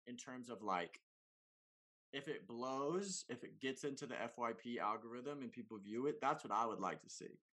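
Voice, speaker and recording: A man who makes comedy videos, talking in a casual, slangy, animated way on a podcast, with big swings in pitch and loudness. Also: normal speed. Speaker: comedy content creator guest.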